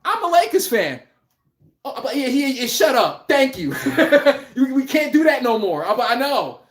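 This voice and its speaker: Blunt, animated man ranting, echoey room. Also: extremely high pitch, a little slow. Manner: blunt, animated, swearing, laughing. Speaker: podcast host. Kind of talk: casual live-stream sports rant.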